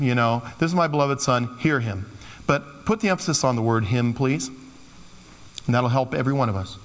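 Man, pastor, sermon, conversational preaching, playful asides, middle pitch, long hall reverb. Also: lively intonation, a little fast.

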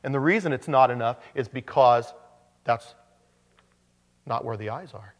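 A man's voice: medium pitch, a little slow, long reverb tail. A man preaching a sermon as pastor, in a conversational manner with joking asides.

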